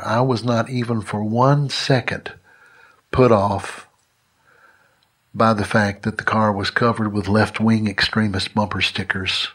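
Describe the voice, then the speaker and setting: Man, low husky voice, emphatic scripted commentary. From United States. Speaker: religious commentator. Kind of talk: scripted monologue.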